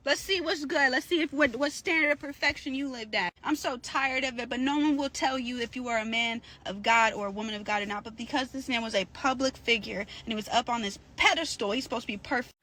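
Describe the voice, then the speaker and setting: A woman's voice: a little high, brisk, hardly any pauses, pushed and bright. A woman giving heated commentary, indignantly firing off repeated challenges.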